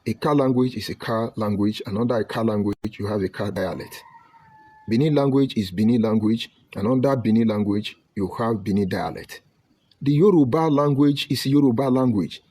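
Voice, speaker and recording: Husky Nigerian man, impassioned. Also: normal speed, no echo. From Nigeria (Delta State, Ika). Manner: emphatic, preaching, swings between loud outbursts and low murmurs. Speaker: online commentator. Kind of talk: impassioned monologue broadcast.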